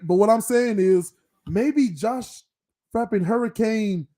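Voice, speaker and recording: A man with a high yet mellow, dark-toned voice argues in a heated casual debate. He scolds his co-host in mock anger and swaps his curses for a made-up word. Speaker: podcast co-host.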